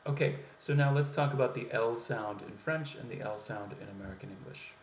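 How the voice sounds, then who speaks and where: Brief: male accent coach, mid-pitched, unhurried explaining voice, slight hum behind, echoey room. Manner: explanatory, with frequent "um" pauses and demonstrations. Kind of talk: instructional video lesson. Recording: echoey room, faint ambience.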